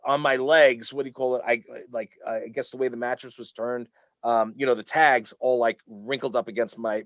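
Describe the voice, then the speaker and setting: A man spins a loose, animated anecdote as a podcast guest, tripping over his words and leaning on fillers. His voice sits mid-range and sounds close and dry. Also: mid-range voice, no echo. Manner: rambling, many restarts and fillers, animated when quoting. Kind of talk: casual storytelling.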